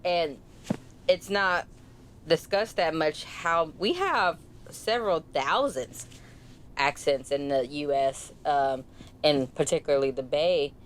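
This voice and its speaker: A woman in her thirties with a low voice and a Bay Area Californian accent. She chats casually on a podcast and tells animated stories full of slang, voicing the other people in them. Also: slow pace, a little hiss or hum. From San Francisco Bay Area. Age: 30s. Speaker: podcast co-host. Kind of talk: casual storytelling chat.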